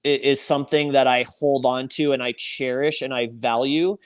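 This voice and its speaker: A man's voice: mid-range voice, steady tone, moderate pace, smooth. A man speaking as a podcast guest, talking earnestly and reflectively with frequent restarts. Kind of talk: reflective conversation.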